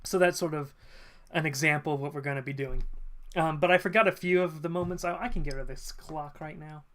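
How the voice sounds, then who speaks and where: A live streamer in casual chat at a desk mic, talking loosely with frequent ums and quick laughs. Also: medium pitch, a bit bright. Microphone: desk mic at a computer.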